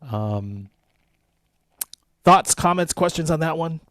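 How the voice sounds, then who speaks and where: Man, guitar instructor, slow steady counting, friendly coaching, dry close sound. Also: on the high side, dry recording. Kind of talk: live online guitar lesson.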